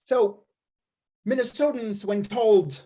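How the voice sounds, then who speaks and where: Wry husky-voiced man telling stories. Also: high-pitched, slow, warm tone. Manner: wry, observational, frequent restarts. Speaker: storyteller performer. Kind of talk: comic storytelling monologue. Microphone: streamed performance mic.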